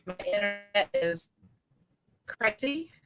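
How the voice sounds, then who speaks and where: Lady on a live stream, talks slow, kinda sorry and flustered, voice glitching robotic. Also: medium pitch, lively intonation, fairly bright tone, faint music behind, low-quality recording. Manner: apologetic, flustered about her connection. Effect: glitchy robotic internet audio. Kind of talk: casual live stream chat.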